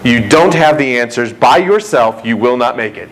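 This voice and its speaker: A pastor preaching a sermon in an animated, conversational way, mixing scripture reading with casual asides. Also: male voice, medium pitch, normal speed, noisy background.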